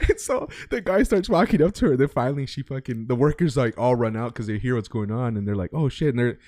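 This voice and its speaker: Young male podcast co-host, casual and profane, animated raconteur who acts out the quotes, dry close-mic sound. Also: mid-range voice, quick pace, no room sound. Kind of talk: casual storytelling chat.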